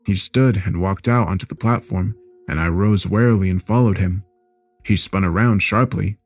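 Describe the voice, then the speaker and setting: A man's voice: sits low, normal speed, faint music behind. A man reading a first-person horror story aloud in a dramatic, scripted narration.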